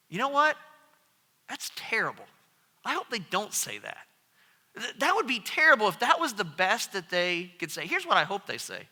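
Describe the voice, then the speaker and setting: A pastor delivers a sermon in a high, bright, sharp voice, telling his story briskly with lively pitch swings. His words ring with long reverb in a church sanctuary.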